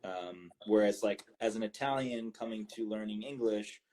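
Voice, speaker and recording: A man chatting casually as a guest on a phone live stream, relaxed, explaining things for viewers with many fillers. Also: fairly low pitch, moderate pace, slight background noise.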